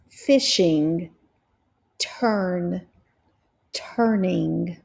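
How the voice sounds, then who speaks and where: A woman reading teacher leading a phonics lesson, spelling out letters and sounding out syllables slowly and patiently. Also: medium pitch, vocal fry, darkish tone. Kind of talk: slow, clear phonics lesson.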